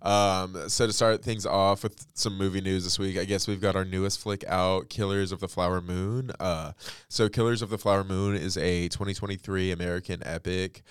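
A man's voice: deep voice, little pitch movement, moderate pace, smooth, dry recording, studio quality. A man hosting a pop culture podcast, congested from allergies, chatting casually and filling his talk with "like" and "um". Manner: chatty, many fillers like "like" and "um". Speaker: podcast host.

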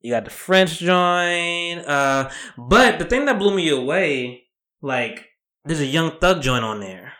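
A man co-hosting a podcast in casual chat, animated and profane, often acting out quotes. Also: fairly high pitch, slow. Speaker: podcast co-host.

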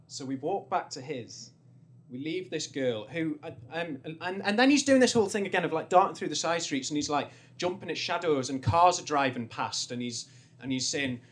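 A man's voice: fairly high pitch, lively intonation, brisk, slight background noise. A young man doing confessional storytelling stand-up, candid and rambling. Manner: candid, rambling, sliding quieter as the story turns sad. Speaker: stand-up comedian. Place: comedy stage.

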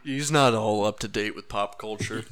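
A man's voice: fairly low pitch, normal speed, a bit bright, clean tone. A man co-hosting a comedy podcast who tells a story straight to the audience. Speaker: podcast co-host. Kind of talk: casual comedy podcast chat.

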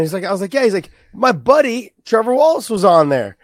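A man hosting a casual chat, excitable and quick with asides and swearing. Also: high voice, dry recording, clean studio sound. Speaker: podcast host.

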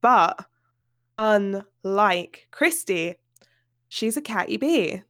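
A woman's voice: mid-range voice, lively intonation, very slow, fairly bright tone, dry recording, studio quality. A woman co-hosting a podcast, talking animatedly about a book and laughing often. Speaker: podcast co-host. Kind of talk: casual book discussion.

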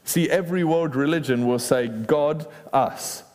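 A man preaching a sermon in a lively, animated way, acting out quoted lines in playful voices. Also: fairly high pitch, a little slow. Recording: long reverb in a large hall.

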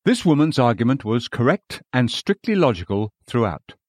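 A man reading a sermon aloud in measured, formal, old-fashioned preaching language. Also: medium pitch, very animated, darkish tone, dry recording, studio quality. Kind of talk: read sermon.

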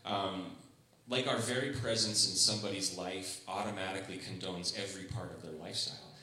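A man's voice: low-pitched, steady tone, a little fast, bright, forceful tone. Chatty male pastor in echoey church. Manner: conversational, humorous, acts out quoted voices. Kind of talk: sermon. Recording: echoey room.

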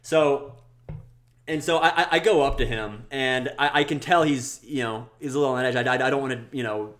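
Young male co-host, casual storyteller, everyday middle voice, animated. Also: fairly quick. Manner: animated, acts out quoted people in a high voice. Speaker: podcast co-host.

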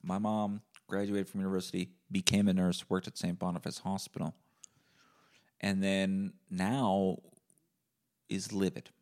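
A man hosting a solo podcast and rambling in a deadpan comic way, with plenty of swearing. His voice sits fairly low with a rough, gravelly fry running through it. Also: unhurried. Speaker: podcast host. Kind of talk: casual solo monologue.

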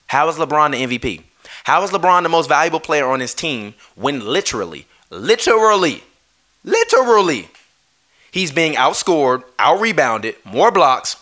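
A man's voice: fairly high pitch, sharp tone. A man ranting on a live stream, heated and swearing, often breaking off to apologize. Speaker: streamer ranting about basketball.

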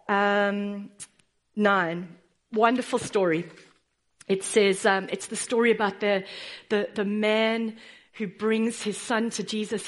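A woman preaching a sermon in an earnest way, rising to firm declarations and dropping to soft, pleading tones. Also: mid-range voice.

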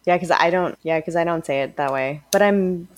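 Low-voiced woman from California. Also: moderate pace, no room sound. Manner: rambling, easygoing. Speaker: podcast co-host. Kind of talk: casual chat.

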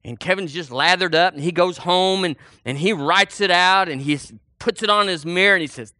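A man preaching a sermon in a folksy, animated way, swinging from loud emphasis to quiet asides. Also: high voice, fairly quick, hardly any pauses, no room sound, clean studio sound.

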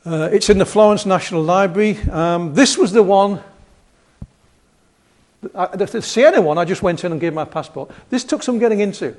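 A man's voice: sits high, moderate pace, darkish tone. Chatty Yorkshire man giving a lecture. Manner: rambling, chatty, self-deprecating humor. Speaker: lecturer presenting slides. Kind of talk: casual lecture talk.

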